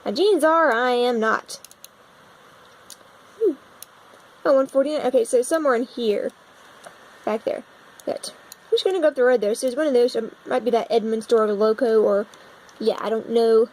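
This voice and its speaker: A young woman from the US narrates a casual vlog as she browses a map on her computer, puzzling things out aloud. Her slightly high, darkish voice keeps a moderate pace and pauses often. It's a rough recording from a phone leaning against her laptop.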